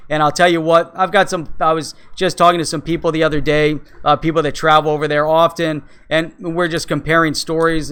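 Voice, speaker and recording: Smooth-voiced rambling man. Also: fairly high pitch, pushed and bright. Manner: rambling, many fillers and restarts. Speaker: crypto show host. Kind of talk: casual storytelling.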